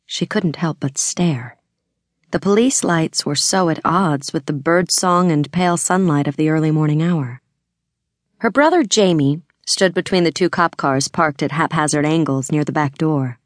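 A woman narrates a novel with a measured, storytelling delivery. Her voice is fairly low for a woman's. The recording is dry and close to the mic. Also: no room sound. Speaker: audiobook narrator. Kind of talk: scripted narration.

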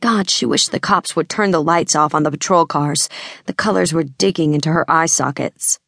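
A woman narrates a novel with a measured, storytelling delivery. Her voice is fairly low for a woman's. The recording is dry and close to the mic. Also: vocal fry, fairly bright tone, no echo. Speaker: audiobook narrator. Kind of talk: scripted narration.

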